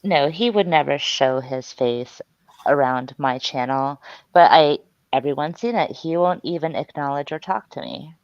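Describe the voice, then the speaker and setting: A woman's voice: low voice, a little slow, no room sound, dull audio. A woman who runs her own channel, speaking frankly in a casual online chat, with hesitations and fillers. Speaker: YouTube channel host.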